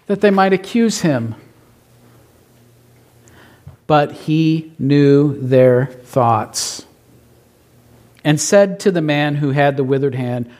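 A man's voice: a little high, slow, a little mellow. A man preaching a sermon to a congregation, often posing rhetorical questions and adding playful asides. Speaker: pastor.

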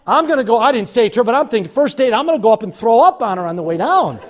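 Older male pastor from Chicago, animated storytelling preacher, high voice with wide swings. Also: fast talker. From Chicago, USA. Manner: animated, dramatic, jokey and self-mocking. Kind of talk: storytelling sermon.

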